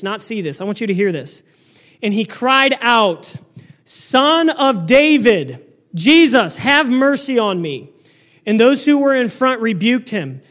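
A man with a strikingly high voice preaches a sermon into a microphone. He is loud and earnest and often stumbles and repeats words as he drives his point home. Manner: loud, earnest, repetitive restarts. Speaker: pastor.

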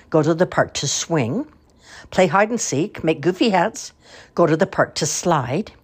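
An older grandmother reading picture books aloud in an expressive, playful way. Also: deep voice, breathy edge. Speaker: storyteller grandmother.

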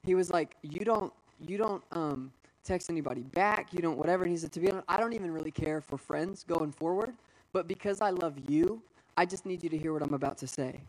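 A young man in his twenties preaching to a live audience, telling personal stories in a lively, conversational way with asides. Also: fairly high pitch, fairly quick, rough recording. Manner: storytelling, energetic and conversational, with asides. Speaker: pastor.

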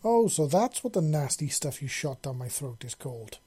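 A man's voice: fairly high pitch, animated, normal speed, dark tone, slightly rough. A man voicing a young black-furred feline girl who sounds timid at first and then speaks bluntly. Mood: frank.

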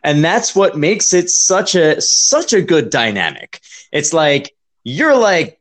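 A man's voice: a little high, big pitch swings, slow. A man co-hosting a podcast in casual chat, amused and self-mocking, laughing often. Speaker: podcast co-host.

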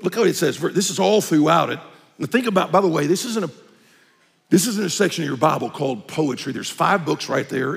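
Pastor, man, high gravelly voice, emphatic conversational sermon, long hall reverb. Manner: emphatic, conversational preaching with asides to the congregation.

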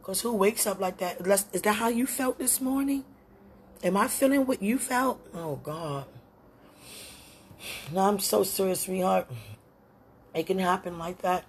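Husky voice in an emotional prayerful monologue. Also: medium pitch. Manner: emotional, pleading, speaks aloud to God and a loved one. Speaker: podcast host.

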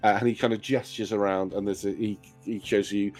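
A man's voice: lowish voice, flat delivery, brisk, darkish tone, faint music behind. A man narrating as game master, loose and hesitant, full of fillers.

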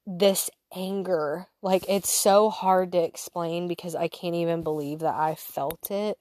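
A woman in her thirties sharing a personal faith story in a chatty, candid way, laughing easily and dropping to soft whispers. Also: lowish voice, steady tone, a little slow, dry recording, studio quality. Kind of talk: casual personal testimony to an audience.

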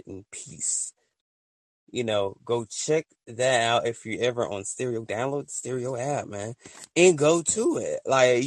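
A man hosting a casual solo podcast, rambling and excitable, full of slang and often laughing at his own stories. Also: mid-range voice, no echo. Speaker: podcast host.

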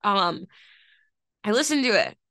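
A young woman co-hosting a music podcast, excitable and gushing, swearing a lot. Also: medium pitch, unhurried, no echo, clean studio sound. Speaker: podcast co-host. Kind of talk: casual music news chat.

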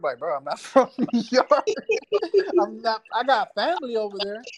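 A man from Florida talks casually as a guest, with a slightly high voice. He uses loose slang and swears freely, and a faint hiss sits under the track. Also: fairly quick, low-quality recording. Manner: relaxed, slangy, swears a lot. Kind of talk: casual chat.

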